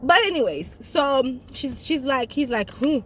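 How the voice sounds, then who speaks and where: A woman's voice: sits high, very animated, normal speed, a little hiss or hum. A woman in casual chat, reviewing a movie and talking straight to her viewers in an emphatic way.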